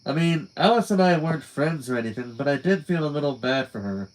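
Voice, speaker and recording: A man's voice: a little high, animated, brisk, poor audio. A young man reading a novel aloud live, with casual asides. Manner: casual, laughs and swears in asides. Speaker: reader. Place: quiet room at night.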